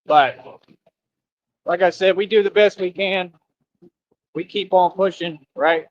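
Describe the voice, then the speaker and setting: A tired man chatting on his livestream in boastful street slang, laughing as he talks. His voice sits a little high, and the lo-fi audio sounds dull. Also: fairly even intonation, unhurried, no echo. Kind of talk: casual livestream chat.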